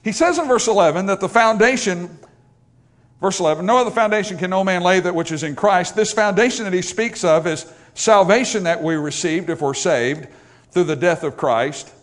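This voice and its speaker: A man preaching a sermon, emphatic, rising to loud, raised passages and dropping to quiet asides, reading scripture in old-fashioned wording. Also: high voice, moderate pace.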